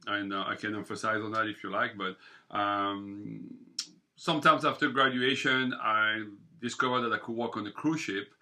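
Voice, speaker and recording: Bright-voiced man with a French accent. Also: lowish voice, fairly even intonation, normal speed. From France. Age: 50s. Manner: chatty, with frequent fillers. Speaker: guest, bakery owner. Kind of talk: casual interview.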